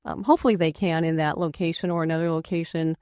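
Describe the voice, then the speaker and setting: A woman specialist in a radio interview, explaining in a steady, practical way. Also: deep voice, fast talker, clean tone, no echo, studio quality. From United States. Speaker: extension specialist.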